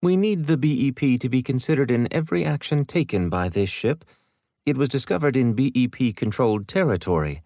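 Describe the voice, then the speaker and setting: A man's voice: mid-range voice, sing-song, brisk, dark tone, no room sound, clean studio sound, pitched above the performer's own voice. A man voicing a stern woman naval commodore in an audiobook, formal and insistent. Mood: earnest.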